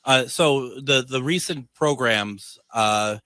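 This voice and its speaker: Halting male radio host. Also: mid-range voice, sharp tone, no room sound. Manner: halting, restarts questions. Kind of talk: interview questions. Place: radio studio.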